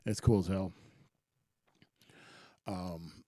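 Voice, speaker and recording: Low-voiced laid-back podcast man. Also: steady tone, extremely slow, dark tone, dry recording, studio quality. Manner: laid-back, swears and laughs often. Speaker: podcast co-host. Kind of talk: casual podcast chat.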